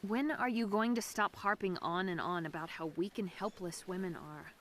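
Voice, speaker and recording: A woman voicing a gentle young woman fighter who can sense spirits, speaking softly and earnestly, in a dubbed animated film. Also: fairly low pitch, normal speed, reverberant, long reverb tail, a little hiss or hum. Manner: soft, earnest, worried.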